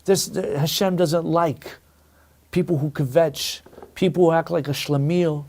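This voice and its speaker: A man's voice: a little high, steady tone, unhurried, darkish tone. A middle-aged man preaching a sermon as a rabbi, telling a story and calling his listeners friends. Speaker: rabbi teaching a weekly Torah lesson.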